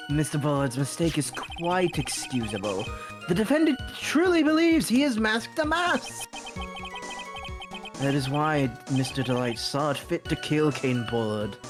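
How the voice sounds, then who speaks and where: A reader plays a showy gentleman sleuth, dramatic and smug, wide animated intonation over background music. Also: mid-range voice. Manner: grandiose, alliterative, self-satisfied delivery. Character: pompous, theatrical gentleman detective. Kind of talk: voice-acted game dialogue reading on stream. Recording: music playing behind the voice.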